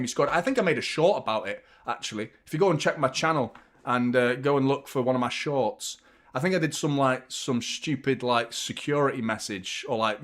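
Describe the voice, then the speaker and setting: Chatty football fan streamer. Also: male voice, mid-range voice, a bit bright. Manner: chatty, thanks viewers by name, reacts to play. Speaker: fan channel host. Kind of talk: live football watchalong chat.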